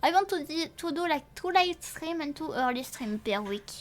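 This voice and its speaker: A young woman who speaks natively, chatting casually on a live stream in a rambling, halting way with many restarts and playful swearing. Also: sits high, lively intonation, faint music behind. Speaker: VTuber streamer.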